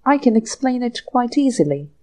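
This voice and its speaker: A woman's voice: a little high, sing-song, moderate pace, darkish tone, pitched above the performer's own voice. A woman reading the part of a nervous, polite young man who stammers under pressure. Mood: flustered. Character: nervous young man caught out, trying to seem dignified.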